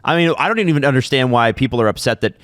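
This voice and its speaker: A man's voice: mid-range voice, lively intonation, rapid-fire, fairly bright tone, no room sound, clean studio sound. A man co-hosting a podcast, talking sports in a casual, emphatic, opinionated way.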